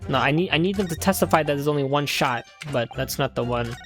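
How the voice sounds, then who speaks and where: A woman's voice: deep voice, fast. A woman streaming a game, reading out its dialogue and commenting with plenty of swearing. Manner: swears a lot, reads game dialogue aloud. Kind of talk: casual game playthrough commentary. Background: game music.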